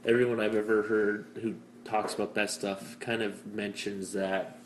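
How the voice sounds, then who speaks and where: A man's voice: fairly low pitch, flat delivery, normal speed. Cynical young man hosting a podcast. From Canada. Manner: cynical, self-deprecating, rambling with fillers. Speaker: podcast host. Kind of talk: casual chat. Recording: echoey room, faint hiss.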